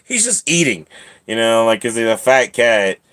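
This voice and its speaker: A man hosting a casual vlog, relaxed, laughing often and talking to his cats. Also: mid-range voice, normal speed. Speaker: channel host.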